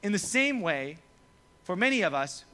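This youth pastor, a young man with a high-pitched voice, talks at normal speed through a casual sermon for his students. Lively and full of jokes, he acts out the quoted voices as he goes.

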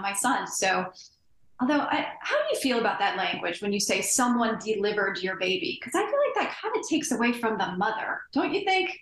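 A woman's voice: fairly high pitch, fairly bright tone. A woman hosting an interview who tells her own story in a reflective, meandering way. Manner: storytelling, reflective, frequent fillers and asides. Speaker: podcast host and author. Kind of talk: conversational interview. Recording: echoey room.

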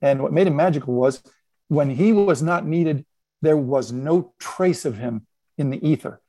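A man with a slightly raised voice shares a story in a conversational way. He pauses to unpack his points and laughs now and then. The recording is close and dry, with no room sound. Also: fairly high pitch, mellow, no room sound. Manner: reflective, laughs often, unpacks points aloud. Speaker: podcast panelist.

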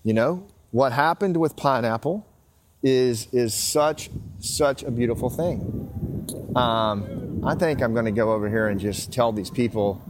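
Walking outdoors through a small river town, a podcast host in his fifties delivers a casual monologue in an unhurried, mid-range voice. He starts earnest and emotional, building to passion, with background noise around him.

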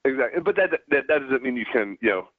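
A middle-aged man with a Southern US accent, a guest in a casual interview, telling stories in a halting way with many restarts. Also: mid-range voice, expressive, no room sound. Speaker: guest, former pro pitcher. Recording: dry, tinny phone-like line.

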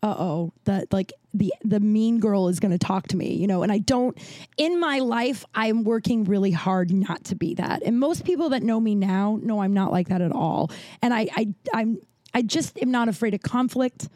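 A woman's voice: normal speed, dark tone, no echo. A woman hosting a podcast, telling a story in a casual, candid way, swearing freely and acting out what others said. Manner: candid, swears freely, acts out quoted dialogue with big pitch jumps. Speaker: podcast host.

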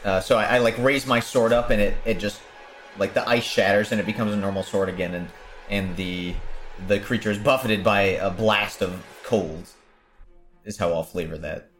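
A man's voice: on the low side, steady tone, normal speed, fairly bright tone, soft background music. A man playing a tabletop game, teasing the others and explaining the rules of his moves. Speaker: player. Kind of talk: casual tabletop game play.

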